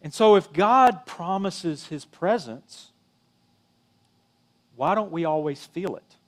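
A middle-aged man with a notably high voice delivers a sermon. He keeps it conversational, full of "you know" asides. His emphasis rises on key phrases and falls to near-hushed endings. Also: expressive, slow pace. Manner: conversational preaching, rising and dropping emphasis, frequent "you know". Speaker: pastor.

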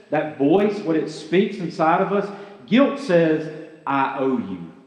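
Pastor, man, unhurried earnest sermon delivery, lively pitch, echoey church hall. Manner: earnest, conversational preaching with rhetorical questions.

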